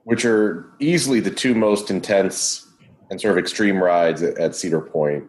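A man with a fairly low voice hosts a laid-back podcast conversation. He talks at length in an easy, chatty way and turns to his guests with questions. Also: moderate pace. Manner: relaxed, chatty, asks the others questions. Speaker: podcast host. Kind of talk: casual chat.

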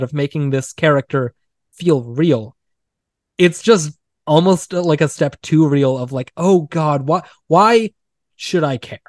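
A man's voice: medium pitch, a little mellow, no room sound, studio quality. A man hosting a casual film podcast, chatty and wry, full of "like"s and mocking quoted line readings. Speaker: podcast host.

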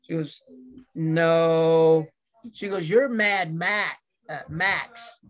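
Speaking very slowly in a fairly high, fairly even voice, this middle-aged man is an interview guest who has worked as a wrestler and manager. He tells casual anecdotes and acts out the voices of the people in his stories.

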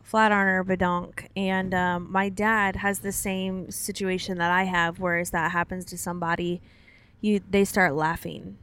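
A woman's voice: lowish voice, flat delivery, a little slow, fairly bright tone, clean tone. A woman co-hosting a casual podcast. She tells stories playfully and teases as she goes. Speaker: podcast co-host. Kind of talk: casual chat.

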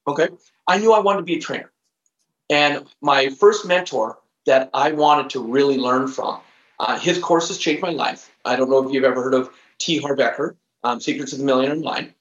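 A man's voice: mid-range voice, normal speed. A man in his fifties, a professional trainer on a podcast, telling an emphatic story and acting out the dialogue. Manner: animated, emphatic storyteller who acts out dialogue. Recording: roomy, slightly dull recording.

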